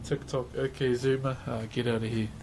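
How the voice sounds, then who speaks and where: A man's voice: mid-range voice, level tone, a little fast, darkish tone, slight background noise. A man with a New Zealand accent chatting casually on a livestream while woodcarving, laid-back and laughing often as he greets his chat.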